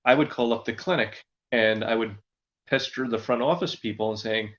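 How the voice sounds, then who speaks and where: An older man speaking at a mid pitch, wandering from one anecdote to the next in a relaxed interview. His voice comes over a dull, lo-fi recording. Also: normal speed. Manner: rambling, anecdotal storyteller. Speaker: ventriloquist guest. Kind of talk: casual interview chat.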